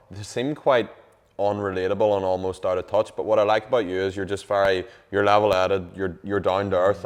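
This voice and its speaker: A man's voice: sits low, smooth. A man hosting a casual chat, talking loosely with fillers and the odd swear. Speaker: podcast host.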